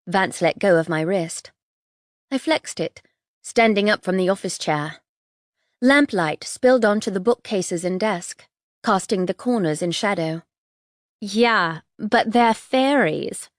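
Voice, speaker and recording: A woman narrating a first-person fantasy audiobook in a tense, measured way. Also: lowish voice, animated, no room sound, clean studio sound.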